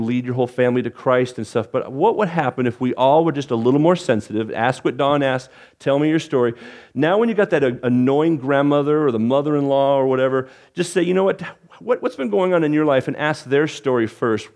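A middle-aged man preaching as a pastor, telling a personal story and acting out the quotes before closing in prayer. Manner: animated storytelling, acts out quotes with pitch jumps.

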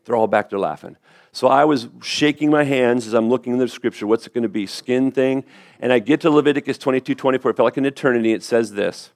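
A middle-aged man preaching a sermon as pastor, telling a story in a conversational way with quick asides and restarts. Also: medium pitch.

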